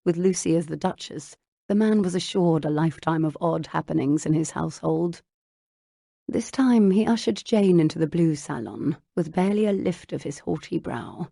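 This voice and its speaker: A woman reading an audiobook in measured, even storytelling narration. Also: low voice, gravelly, no echo, studio quality. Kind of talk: scripted narration.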